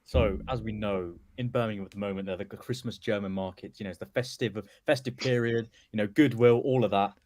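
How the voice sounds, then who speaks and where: Male pundit, fast and cheeky, dry studio sound. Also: fairly low pitch, steady tone, darkish tone, dry recording. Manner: brash, jokey, teasing banter. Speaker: football pundit. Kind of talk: casual chat.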